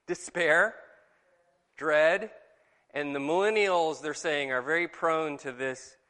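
A man leading a conversational Bible lesson, asking his group questions in a lively, animated way. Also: on the high side, in a large hall. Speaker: Bible study leader. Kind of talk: conversational sermon.

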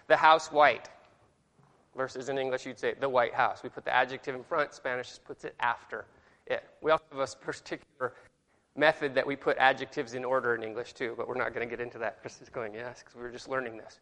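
A man's voice: mid-range voice, fairly even intonation, fairly quick, bright, forceful tone, long reverb tail. Casual man teaching a Bible class. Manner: casual, self-deprecating, reads verses aloud with exaggerated inflection.

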